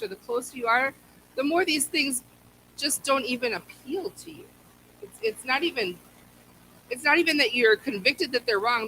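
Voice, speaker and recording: Casual church Bible teacher, woman, bright and slightly high voice, faint background noise. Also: low-quality recording. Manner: conversational, repeats words and restarts.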